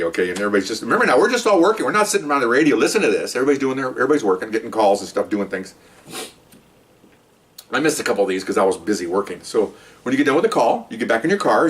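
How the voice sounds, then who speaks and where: A man's voice: medium pitch, recorded from a distance. An older man, a retired police officer, tells a funny story from his years on the job. He rambles, laughs at his own tale and acts out the voices of the people in it. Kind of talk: casual anecdote.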